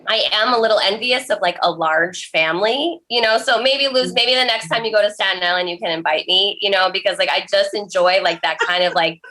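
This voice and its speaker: A woman's voice: mid-range voice, fairly quick, few pauses, bright, forceful tone. A woman hosting an online comedy show over a video call, tipsy, profane and self-mocking. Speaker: host.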